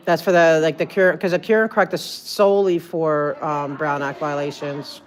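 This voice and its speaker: A woman's voice: sits low, fairly even intonation, moderate pace. A woman with a New Jersey accent, livestreaming in a rambling, chatty way full of restarts, recorded on a handheld phone. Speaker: streamer. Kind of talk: casual livestream chat.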